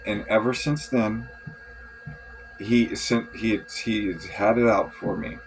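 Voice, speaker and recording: A man's voice: on the low side, fairly even intonation, unhurried, slight background noise, poor audio. A man venting in a rambling, frustrated journal monologue, swearing often and restarting his sentences. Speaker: vlogger.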